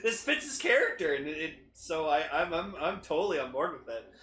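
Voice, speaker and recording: A man with a high, bright, lively voice, chatting excitedly and laughing often, swearing freely and acting out quotes. He sounds like he's in an echoey room, with faint noise underneath. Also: a little fast. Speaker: podcast co-host. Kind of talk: casual chat.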